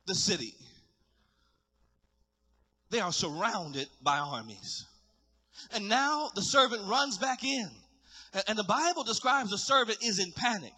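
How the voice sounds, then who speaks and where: A man preaching a sermon, retelling a story dramatically and building to shouted climaxes. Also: high-pitched, sing-song, slow, pauses often, slightly rough.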